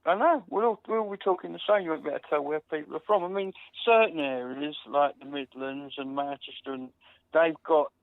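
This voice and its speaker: A man's voice: a little high, fairly quick, vocal fry, dry recording. A man calling into a live chat show, chatting with lots of fillers. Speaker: caller. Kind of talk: casual chat on a live call. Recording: tinny phone line.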